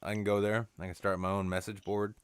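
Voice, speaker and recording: A man's voice: lowish voice, level tone, fast talker, smooth, no echo. A man doing an improvised comedy bit, rambling in a mock-serious tone with lots of restarts. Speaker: podcast co-host.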